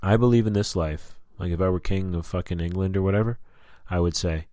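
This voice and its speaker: Deep-voiced, profane male podcast host. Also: fairly quick, dark tone, dry recording. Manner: profane, rambling and candid. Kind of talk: casual solo podcast monologue. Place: lives in Albuquerque.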